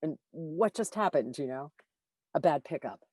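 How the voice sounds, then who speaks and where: Low-voiced woman narrator chatting. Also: moderate pace, breathy edge, no room sound. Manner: animated, self-deprecating, frequent fillers and restarts. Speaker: audiobook narrator. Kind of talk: casual interview chat.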